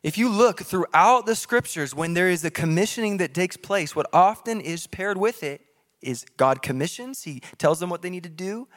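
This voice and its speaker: A man preaching a sermon in a church, animated and jokey, acting out voices from scripture. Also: high voice, moderate pace. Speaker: pastor. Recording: long hall reverb.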